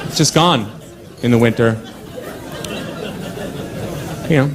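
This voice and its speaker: A man's voice: on the high side, normal speed, pauses often, crowd noise. A young man from Canada, doing a stand-up set on a club stage with a dry, offhand delivery and many asides. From Ottawa, Canada. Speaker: stand-up comedian. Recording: live club, audience and noise.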